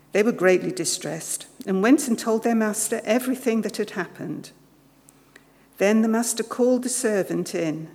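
A woman with a mid-pitched voice reads scripture in a steady, careful way. Her voice carries a long reverb off the walls of a large church. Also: creaky. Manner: steady, careful reading aloud. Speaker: scripture reader. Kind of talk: Bible reading.

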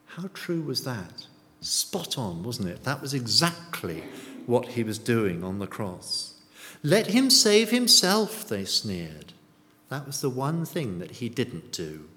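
A man's voice: on the low side, sing-song, slow pace, fairly bright tone. A man preaching a sermon in a church, often putting rhetorical and tag questions to the congregation. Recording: long church reverb.

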